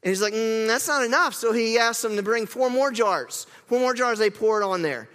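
A man's voice: high-pitched, animated, normal speed, fairly bright tone, long reverb tail. A man preaching a sermon, telling the story in a playful, chatty way and asking the crowd questions.

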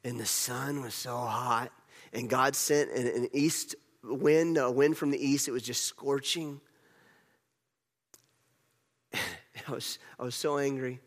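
A man's voice: medium pitch, steady tone, measured pace, big-room sound, pitched below the performer's own voice. A man playing Jonah as an angry, sulking prophet, telling his grievances in the first person in a sermon monologue. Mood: angry, despairing. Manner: petulant, exasperated storytelling in first person.

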